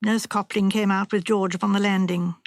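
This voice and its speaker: Reading scripted narration for a mystery audiobook, this woman keeps a steady, measured storytelling pace. She speaks at a medium pitch, captured in a clean studio with no room sound.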